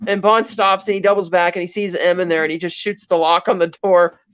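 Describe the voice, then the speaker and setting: Woman podcast co-host, lively plot recap, dry close sound, a bit lo-fi. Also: lowish voice, fairly quick, clear, resonant tone, no echo. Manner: animated storytelling, briefly acting out characters' lines. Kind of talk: casual chat retelling a film scene.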